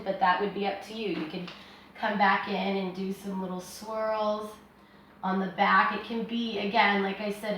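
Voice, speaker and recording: A woman teaches drawing step by step, easygoing and reassuring as she works and talks herself through it. Her voice sits at an ordinary middle pitch. It comes from some way off the mic and rings around a very echoey, hard-walled room. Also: distant mic, a little hiss or hum. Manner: relaxed, reassuring, thinking aloud while drawing. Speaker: art teacher.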